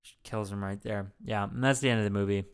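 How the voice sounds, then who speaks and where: Smooth-voiced, profane podcast host man. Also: lowish voice, fairly even intonation, fast talker. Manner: profane, jokey, breaks into put-on voices. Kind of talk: casual movie-podcast chat.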